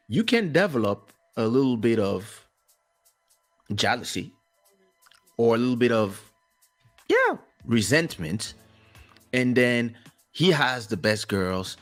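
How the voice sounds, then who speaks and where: A man hosting a casual talk show, telling stories in an animated way and acting out quotes, with a French-speaking background. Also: mid-range voice, measured pace, pauses often, soft background music. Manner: animated storyteller, acts out quotes. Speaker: host.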